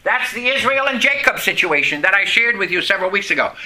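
High, bright-voiced male preacher. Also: expressive. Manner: preaching with call-and-response, dramatic pauses and drops in pitch. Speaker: pastor. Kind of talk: sermon.

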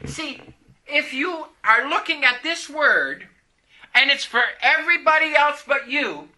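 Animated preacher man, very bright voice. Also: very high-pitched, measured pace. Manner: animated storytelling, emphatic declarations. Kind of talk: sermon.

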